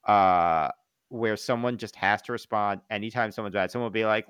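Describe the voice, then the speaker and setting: Co-host, male, low and smooth, meandering casual chat. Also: normal speed, a bit bright, no room sound. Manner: rambling, full of fillers and restarts. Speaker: podcast co-host.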